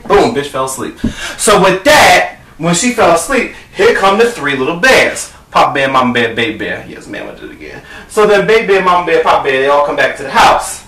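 A man's voice: high voice, sing-song, brisk, few pauses, sharp tone. A man telling a profane comic story in a sassy, camp manner, often calling the listener "girl". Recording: echoey room, distant mic.

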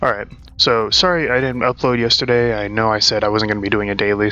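A man's voice: medium pitch, steady tone, a little fast, pushed and bright, lo-fi sound. A young adult man casually chatting and swearing while he plays a game at his desk at home. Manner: rambling and profane, chatting while playing. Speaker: gaming channel host. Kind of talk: casual let's-play commentary.

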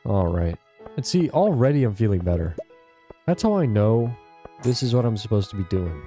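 Young guy chatting to himself while he plays, kinda low voice, quiet game music underneath. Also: very animated, normal speed. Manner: chatty, self-talking while playing. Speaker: gaming channel host. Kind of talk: casual gameplay commentary. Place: home, indoors.

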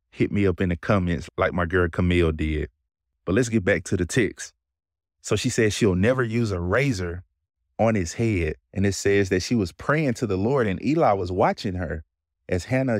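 In a deep voice, dry and studio-clean, a Southern-accented Bible podcast host walks through scripture conversationally. His teaching is casual, and he asks his listeners questions along the way.

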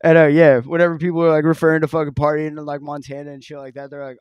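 Young man, higher voice, laughing agreeable banter, profane, dry close mic. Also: flat delivery, racing, clean tone, no room sound, lo-fi sound. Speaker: podcast co-host. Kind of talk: casual chat.

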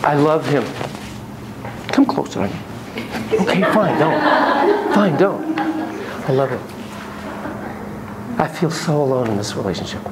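A hurt, lonely wife in couples therapy, as a male lecturer puts her on, pleading softly and haltingly to be heard. Her pitch rises and falls a lot, with a faint hiss behind it. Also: sing-song, a crowd in the background. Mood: plaintive.

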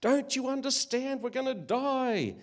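A man voicing a panicking shipwrecked castaway in a story, yelling in a high, strained voice. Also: animated, a little slow, full character voice. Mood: panicked.

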